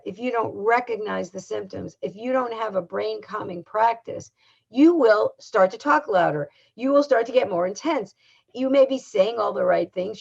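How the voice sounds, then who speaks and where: An older woman giving a recorded talk as a parenting educator, speaking in a calm, measured and instructive way. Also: medium pitch, gravelly, slightly rough. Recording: dull lo-fi sound.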